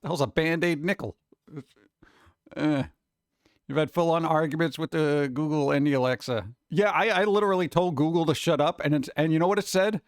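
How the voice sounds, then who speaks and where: A man's voice: fairly high pitch, brisk, smooth, no room sound. Rambling man streamer, dry close sound. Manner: rambling, mimics robot voices. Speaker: streamer host. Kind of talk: casual stream chat.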